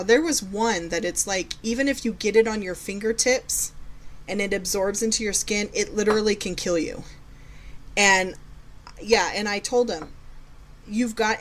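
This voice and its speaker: A woman in her thirties chats on a podcast with a sarcastic edge. Her voice sits at a middling pitch, and she rambles through anecdotes with quick restarts and bursts of laughter. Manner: sarcastic, chatty, laughs while telling stories. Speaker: podcast co-host. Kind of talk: casual chat.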